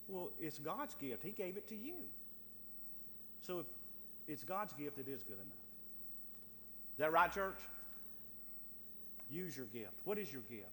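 A man preaching in a church, his fairly high voice ringing out with a long hall reverb. He hammers key phrases again and again, rising to loud urging and then dropping to soft pleading. A faint hum sits beneath the recording. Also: big pitch swings, measured pace, long pauses. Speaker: pastor. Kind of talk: sermon. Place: church sanctuary.

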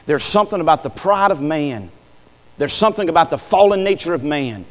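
A man's voice: fairly high pitch, lively intonation, brisk. A man preaching a sermon in a folksy way, calling out "Amen" and throwing rhetorical questions at the congregation. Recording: long hall reverb.

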